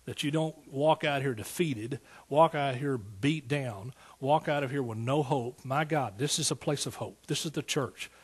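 A man's voice: mid-range voice, moderate pace, few pauses, husky. A man, a pastor preaching a sermon in a folksy, storytelling way that rises to emphatic praise. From East Texas.

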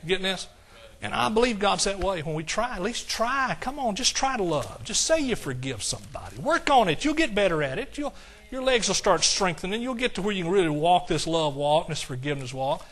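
With a high-pitched, fairly bright voice, big pitch swings and a fairly quick pace, an older pastor delivers an emotional, fervent sermon. He frequently calls out to his congregation.

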